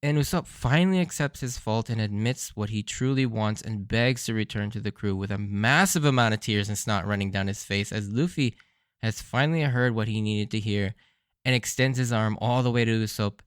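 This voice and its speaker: A man's voice: on the low side, normal speed, smooth, no echo, studio quality. Enthusiastic man recapping anime. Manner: enthusiastic, laughs often. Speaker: podcast host. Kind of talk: casual episode recap.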